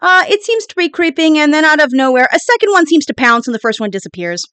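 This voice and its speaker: A woman's voice: high voice, big pitch swings, quick pace, sharp tone, no room sound. A woman narrating a tabletop game as game master, describing scenes with frequent fillers.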